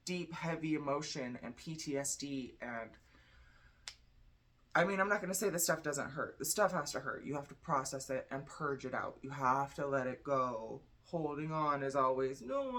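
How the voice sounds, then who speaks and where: A woman's voice: sits low, fairly bright tone. A tired young woman giving a casual tarot reading, chatty and blunt, swearing freely. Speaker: tarot reader.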